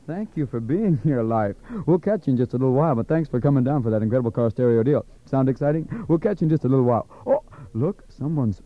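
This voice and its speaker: A playful man improvising mock radio ads, speeding up into a high pitchman patter at times. He sounds tinny and thin, like an old tape over a phone line, with a middling pitch. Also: lively intonation, no room sound. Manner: playful, joking, goes fast and high as a fast-talk pitchman. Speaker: ad announcer improvising.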